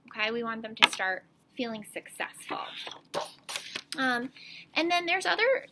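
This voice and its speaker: Bright-voiced woman reading specialist. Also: high-pitched, animated, normal speed, creaky, a little hiss or hum. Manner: chatty, explaining step by step with frequent ums. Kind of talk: informal instructional talk to parents.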